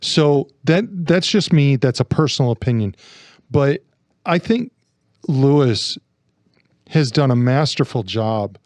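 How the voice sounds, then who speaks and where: Thoughtful, halting man in casual discussion. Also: medium pitch, darkish tone, dry recording. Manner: thoughtful, halting, restarts phrases. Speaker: podcast co-host.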